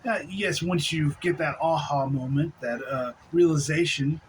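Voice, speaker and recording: A man giving a relaxed spiritual talk on video, laughing softly now and then and restarting his sentences. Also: fairly high pitch, a little slow, a little hiss or hum, poor audio. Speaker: spiritual teacher.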